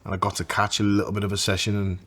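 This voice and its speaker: A man's voice: on the low side, monotone, very fast, a bit bright. A man hosting a casual chat, asking questions and telling joking stories in a rambling way. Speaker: podcast host.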